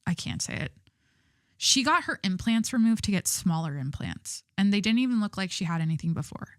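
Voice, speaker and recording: A woman's voice: mid-range voice, lively intonation, brisk, no echo, studio quality. Candid gossipy young woman podcaster. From Southern California. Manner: candid, gossipy, swearing, laughs at herself. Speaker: podcast host. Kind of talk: casual solo podcast chat.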